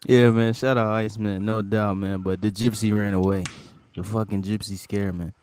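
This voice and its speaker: A man's voice: lowish voice, fairly even intonation, normal speed, a little mellow, clean tone. A laid-back man agreeing along in casual livestream chat. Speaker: panelist.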